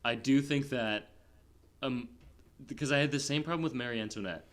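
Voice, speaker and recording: A man co-hosting a film podcast, talking in a rambling, casual way with many fillers and sudden animated bursts. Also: medium pitch, brisk. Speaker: podcast co-host. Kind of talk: casual film review chat.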